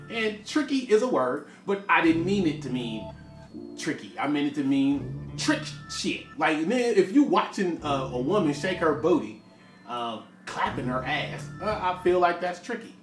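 Brief: man in his late forties, frank rambler, lively up-and-down delivery, recorded from across an echoey room with music playing underneath. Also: on the high side, far from the mic. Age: 40s. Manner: rambling, frank, stop-start with many restarts. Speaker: musician talking about his work. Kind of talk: casual monologue.

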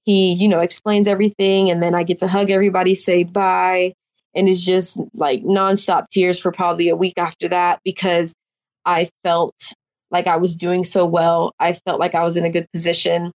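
A woman's voice: fairly low pitch, little pitch movement, normal speed, a little mellow, highs cut off. A young woman, a reality show contestant, rambling emotionally through her story in a casual interview.

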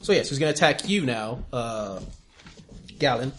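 A man's voice: medium pitch, lively intonation, normal speed, very noisy. A man running a tabletop game as game master, casually counting dice rolls aloud.

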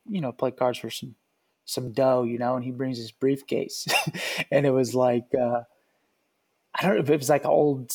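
Man, ex-pitcher, relaxed storyteller, mid-pitched voice, loose casual delivery. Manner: laid-back, says "dude" a lot. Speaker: former pitcher sharing stories.

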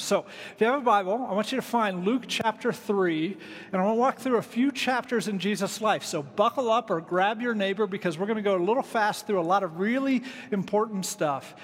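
A male pastor preaching a sermon in a church, in a conversational, relaxed way with casual asides. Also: high voice, big-room sound. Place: church sanctuary.

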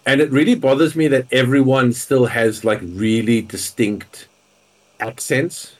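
Guy rambling on a podcast, keeps repeating himself, middle-pitched everyday voice. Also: fairly even intonation, a little slow. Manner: rambling, repeats words while thinking. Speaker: podcast co-host. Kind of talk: casual chat.

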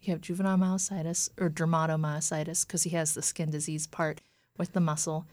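Low-voiced woman telling her story. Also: level tone, a little fast, darkish tone. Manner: earnest, retelling with quoted dialogue. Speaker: guest. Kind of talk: personal story in an interview.

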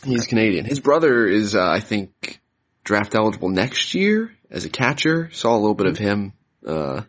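A man speaking as a podcast guest in easy, hesitant chat full of fillers. His voice is low and husky. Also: very animated, moderate pace. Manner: hesitant, loose, lots of fillers. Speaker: prospect analyst guest.

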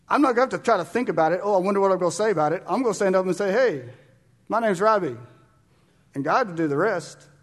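Male pastor, high voice, fervent and urging sermon delivery, long hall reverb. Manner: fervent, urging, with sudden loud bursts and quiet drops. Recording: long reverb of a large room.

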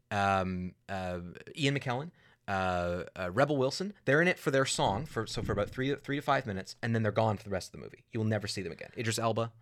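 Young male podcast cohost, low and bright tone, rambling, sarcastic, casual. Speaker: podcast co-host. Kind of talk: casual chat.

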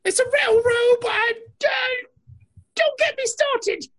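A woman's voice: very high voice, slow, fairly bright tone, pitched above the performer's own voice, exaggerated voice. A woman putting on a theatrical mock-British accent as a pompous, indignant court official defending her robe. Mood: huffy, indignant.

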